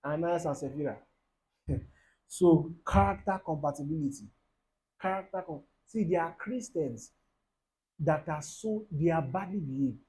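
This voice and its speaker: High-voiced Nigerian preacher. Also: male voice, moderate pace, long pauses, low-quality recording. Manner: lively preaching, mixes in pidgin, acts out quoted voices, laughs. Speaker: pastor. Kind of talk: sermon.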